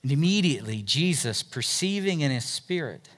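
A man's voice: fairly high pitch, big pitch swings, moderate pace, a bit bright. A man preaching a sermon, explaining scripture verse by verse and acting out quotes with emphasis. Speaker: pastor.

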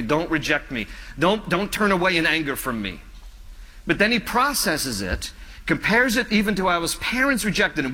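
A male pastor preaching a sermon earnestly, often letting his voice sink low and soft at the ends of phrases. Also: in a large hall.

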